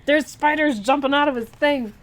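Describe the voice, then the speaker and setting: A woman's voice: sits high, moderate pace. Chatty young woman co-hosting. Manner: excitable, laughing, self-deprecating. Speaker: comic podcast co-host. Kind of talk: casual chat. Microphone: camera mic.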